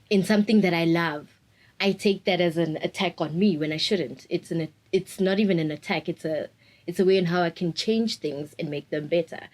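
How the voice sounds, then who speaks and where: A woman's voice: lowish voice, darkish tone, rough recording. A woman, talking openly and reflectively in an interview and laughing often. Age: 20s. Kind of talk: candid personal interview.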